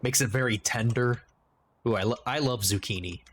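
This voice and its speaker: A man's voice: mid-range voice, normal speed, a bit bright, a little hiss or hum. A man streaming a game and chatting casually, rambling and joking as he interrupts himself. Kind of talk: casual livestream chat while gaming.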